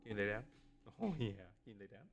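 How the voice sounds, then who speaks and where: A man's voice: fairly low pitch, very animated, quick pace, fairly bright tone, highs cut off, slight background noise. A man on a casual live stream at home, playfully chatting with his dog and reading aloud into a desk microphone, laughing often.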